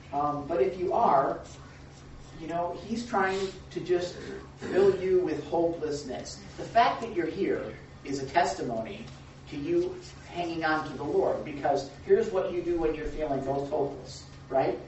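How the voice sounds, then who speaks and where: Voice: mid-range voice, darkish tone. Echoey, distant Bible study leader. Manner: conversational, full of rhetorical questions; acts out little scenes with raised voice. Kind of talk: informal Bible study teaching. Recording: echoey room, far off, dull and faint hiss.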